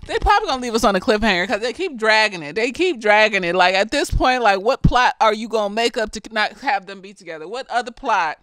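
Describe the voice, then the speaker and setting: A young woman, slightly tipsy, recapping a TV episode in animated, profane chat and laughing often. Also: mid-range voice, fast, few pauses, no room sound, clean studio sound. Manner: animated, laughs often, acts out lines from the scenes. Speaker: TV episode reviewer.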